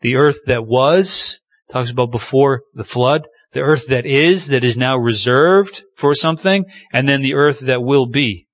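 A man's voice: mid-range voice, measured pace, hardly any pauses, dry recording, muffled recording. A man preaching a sermon, reading scripture aloud and building emphasis as he speaks. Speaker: pastor.

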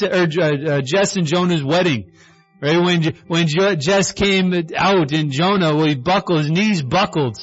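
A man's voice: sits high, moderate pace. Conversational preacher man, lo-fi. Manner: conversational preaching, acts out quotes, rising to excited shouts. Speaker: pastor. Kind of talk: sermon.

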